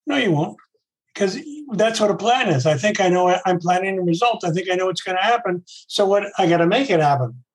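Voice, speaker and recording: A man's voice: high voice, a little fast, low-quality recording. A man giving a casual, conversational talk on a recovery program, often repeating himself and voicing his own inner thoughts aloud.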